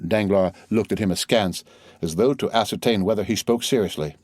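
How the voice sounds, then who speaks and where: Measured male audiobook narrator. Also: lowish voice, darkish tone, no room sound, clean studio sound. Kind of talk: scripted narration.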